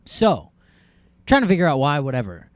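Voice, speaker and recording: A man's voice: a little high, huge pitch swings, normal speed, no echo. A man co-hosting a podcast, telling a rambling, self-deprecating story in casual chat. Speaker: podcast co-host.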